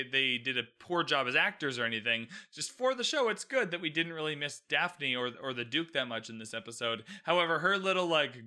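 A man hosting a recap podcast alone, talking in a chatty, animated way, often laughing at himself. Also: a little high. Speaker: podcast host.

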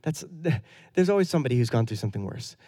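A man in his thirties, a pastor giving a sermon in a relaxed, conversational storytelling way with self-deprecating humor. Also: mid-range voice, fast talker.

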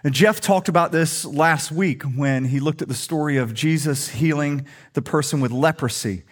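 A man's voice: a little high, normal speed. A middle-aged male pastor preaching a sermon in a humorous, conversational storytelling way.

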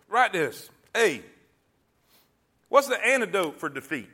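A middle-aged man preaching a sermon in a folksy call-and-response way, with loud bursts when he quotes God. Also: sits high, wildly swooping pitch, unhurried, creaky, pauses often. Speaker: pastor. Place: church sanctuary.

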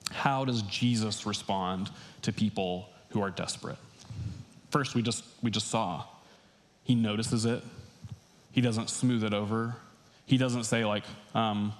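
A young adult man, a pastor, giving a sermon in a relaxed, conversational way with casual asides. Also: mid-range voice.

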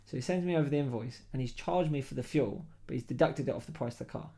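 A man hosting a podcast, telling a story in a lively, slangy, laughing way. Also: mid-range voice, fast, vocal fry. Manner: animated, slangy, laughs while telling stories. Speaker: podcast host. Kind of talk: casual storytelling chat.

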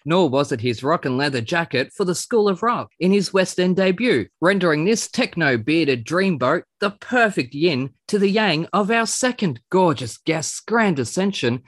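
An excitable, theatrical man hosting a chat, sometimes rattling off a long tongue-twisting introduction. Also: sits high, no room sound, studio quality. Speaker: podcast host. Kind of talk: casual chat and rapid scripted intro.

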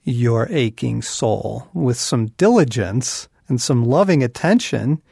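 A middle-aged man co-hosting a Christian podcast, talking earnestly and swinging from quiet musing to emphatic bursts. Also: medium pitch, lively intonation, slow pace, gravelly, husky, no room sound, studio quality. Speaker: podcast co-host.

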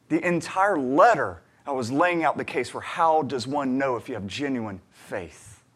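Here a man's fairly high, slightly rough voice carries lively intonation at a moderate pace as he preaches. The pastor tells a personal story earnestly and conversationally, moving from hushed asides to emphatic questions pushed at his audience.

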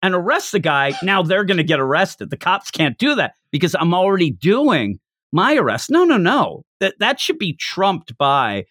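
A man co-hosting a casual manga discussion podcast, talking animatedly and acting out character lines in quick put-on voices. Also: high voice, sing-song, a bit bright, no room sound, clean studio sound. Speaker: podcast co-host.

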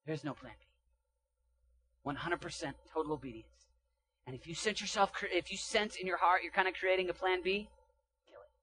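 A young man preaching a sermon and reading scripture aloud, emphatic and lively, dropping into casual slang and swinging from hushed asides to loud, punchy lines. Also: high voice, fairly quick, long pauses. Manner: animated, emphatic, shifts from quiet to loud.

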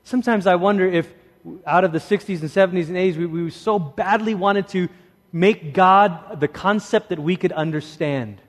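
Moving from soft, hushed emphasis to quick and lively asides, a man preaches in a fairly high voice. The sound carries a long reverb, suggesting a large hall.

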